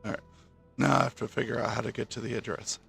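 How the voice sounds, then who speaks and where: A man chatting slowly and casually with friends while gaming. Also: medium pitch, steady tone, gravelly, a bit bright, breathy edge, faint music behind.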